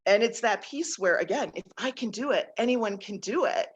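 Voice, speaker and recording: Woman guest, animated storyteller, laughs a lot, chatty, mid pitch. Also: normal speed, slightly rough. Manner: animated, laughs often, uses "right?" and "like". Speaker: guest author, nature intuitive. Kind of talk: casual interview storytelling.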